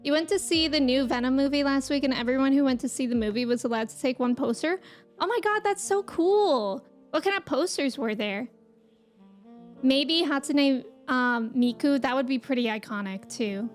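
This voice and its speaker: A high-voiced young woman chats casually with her live audience, reading out their comments and giggling often. Soft music plays faintly underneath. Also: moderate pace. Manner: chatty, giggly, reads out viewer comments. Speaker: streamer. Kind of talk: casual chat with live viewers.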